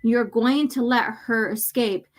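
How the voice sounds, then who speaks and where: A woman voicing a cold, commanding voice inside a man's head that gives slow, deliberate orders. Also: a little high.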